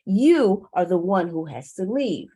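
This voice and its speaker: Woman playing a storybook leopard, proud, grumbling, slow. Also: medium pitch, sing-song, dark tone, husky. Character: proud hungry male leopard, nervous underneath.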